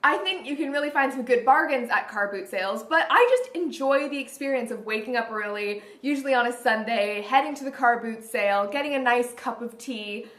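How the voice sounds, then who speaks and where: A Canadian beauty vlogger gushes through casual vlog chat, saying "like" constantly. Her voice is fairly high and bright, and she talks briskly with hardly any pauses. The room sounds roomy and echoey.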